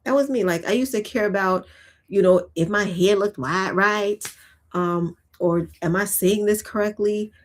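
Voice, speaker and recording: A woman's voice: medium pitch, a little slow. A woman in her thirties chatting to camera in a casual, reflective way, laughing often and using many fillers. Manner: talks while eating and sipping. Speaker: vlogger.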